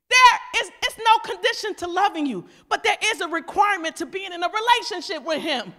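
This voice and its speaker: Woman pastor, very high bright voice, chatty preaching with loud bursts. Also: lively intonation, a little fast, few pauses. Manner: conversational preaching, mimics voices, asks the congregation questions; swings between loud emphatic shouts and quiet asides. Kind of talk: lively casual sermon.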